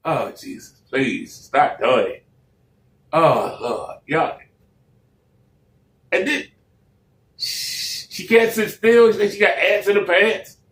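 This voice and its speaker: A man hosts a casual reaction show, talking slowly and with a lot of exasperation. His pitch leaps up and down as he repeats himself. He sounds a little distant, with an echoey room around him. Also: sing-song, a bit bright. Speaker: reaction host.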